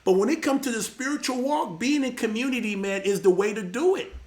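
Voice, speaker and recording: Hosting a live church talk show, a man with a very high voice preaches casually, speaking a little fast in an echoey room. He grows animated, often repeats his words, and sometimes shouts.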